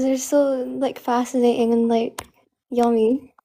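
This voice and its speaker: A woman's voice: high voice, fairly even intonation, moderate pace, a little mellow. A woman in her twenties calling in to a livestream, giggly and flirtatious. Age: 20s. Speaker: caller. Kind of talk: flirty call-in chat.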